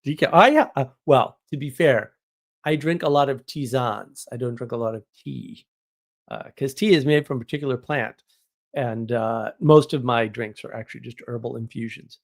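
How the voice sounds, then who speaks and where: A man's voice: mid-range voice, normal speed, creaky. Chatty man hosting a casual live stream. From New England. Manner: chatty, rambling, jokey exaggeration. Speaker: live stream host reading chat.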